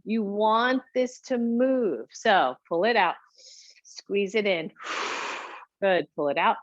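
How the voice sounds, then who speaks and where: A woman's voice: mid-range voice, slow, dry recording, dull audio. A woman teaching a guided yoga class, giving upbeat, encouraging cues with playful asides. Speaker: yoga instructor.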